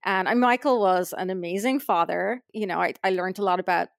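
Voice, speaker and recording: An earnest woman recounts memories as an interview guest, her voice sitting at a middling pitch. She talks in an effusive, soft-spoken way, and the sound is dry and close, with no room around it. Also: fairly quick, creaky, no room sound. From Ireland. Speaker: guest, memoir author. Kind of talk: interview storytelling.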